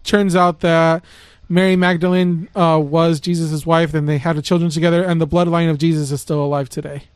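A man's voice: on the high side, little pitch movement, fairly quick, clear, resonant tone, no room sound. A man co-hosting a podcast, joking and rambling with restarts in casual banter. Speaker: podcast co-host.

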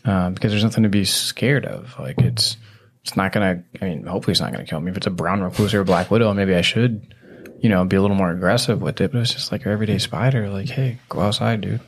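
A man's voice: sits low, fast, slightly rough. A male podcast host explaining ideas in a rambling, teasing way, with lots of filler words. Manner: rambling, teasing, heavy "you know" fillers. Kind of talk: casual conversational explaining.

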